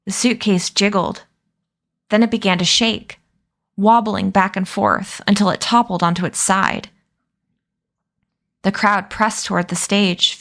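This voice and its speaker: A woman reads a novel aloud in a calm, steady storytelling manner. Her voice sits in a middle range for a woman, neither high nor low. She keeps an even reading flow. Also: gravelly.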